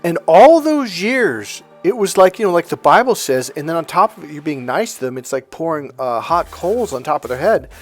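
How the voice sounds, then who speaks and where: A man's voice: on the high side, very animated, moderate pace, hardly any pauses, soft background music. A middle-aged man talking bluntly and with profanity to camera as a self-help coach, acting out what family members said. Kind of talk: casual monologue to camera.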